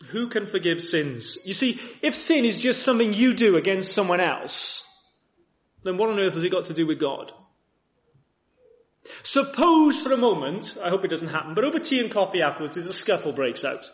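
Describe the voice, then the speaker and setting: A man preaching a sermon in a chapel, with lively rhetorical questions and frequent restarts. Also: high-pitched, normal speed, lo-fi sound. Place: church chapel.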